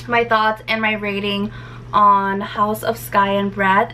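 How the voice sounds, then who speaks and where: Bright-voiced woman vlogger getting over a cough. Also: mid-range voice, flat delivery, slow pace, slight background noise, poor audio. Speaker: book vlogger. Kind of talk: casual vlog wrap-up.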